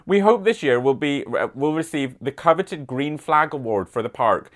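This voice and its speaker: A woman voicing a pompous male council chairman in a put-on West Country accent, reading a newsletter slowly and stiffly. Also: deep voice, animated. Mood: mock-official. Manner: stiff official read-aloud, slow and deliberate. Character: pompous middle-aged male small-town council chairman.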